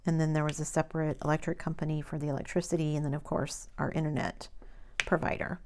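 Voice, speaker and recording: Host: middle-aged American woman, deep voice, chatty and rambling. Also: level tone, quick pace, a little mellow, slight background noise. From United States. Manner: chatty storytelling with quoted dialogue. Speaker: crafting channel host. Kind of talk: rambling casual chat.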